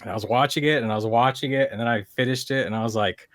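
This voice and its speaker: A man's voice: medium pitch, fast, few pauses, a bit bright, no echo. Laid-back man with a dry sound. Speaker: podcast co-host. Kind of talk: casual chat.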